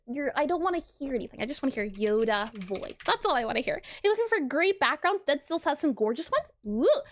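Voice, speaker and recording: A woman's voice: high-pitched, a bit bright. A woman streaming her pixel art work, chatting casually, talking to herself as she clicks and reading out chat, with faint music behind.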